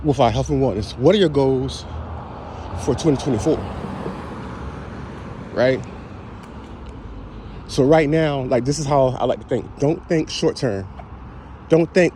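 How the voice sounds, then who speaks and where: A medium-pitched man with a dark tone records a casual motivational vlog while walking outdoors on a tree-lined route. The health and wellness vlogger sounds upbeat and encouraging toward his viewers, with a little hiss or hum present.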